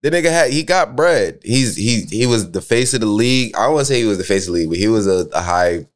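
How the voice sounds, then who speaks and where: A young man with a Mississippi accent, chatting casually as a podcast co-host, loud and animated with lots of slang. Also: on the low side, fast. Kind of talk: casual chat.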